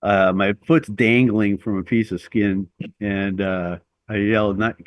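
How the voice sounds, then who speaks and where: A man's voice: fairly low pitch, steady tone, takes it slowly, no echo, lo-fi sound. A middle-aged man telling a long personal story as an interview guest, rambling and self-deprecating with lots of fillers.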